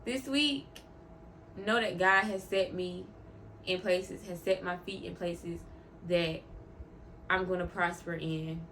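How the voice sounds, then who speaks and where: A woman's voice: on the low side, fairly even intonation, slow, pauses often, fairly bright tone, slight background noise. A woman vlogger talking casually about faith, heartfelt and openly emotional, rambling and repeating words for emphasis. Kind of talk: casual faith vlog talk.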